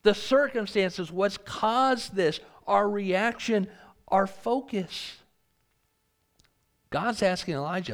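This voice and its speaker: A man's voice: sits high, slow. A man preaching a sermon, reading scripture aloud and asking earnest rhetorical questions.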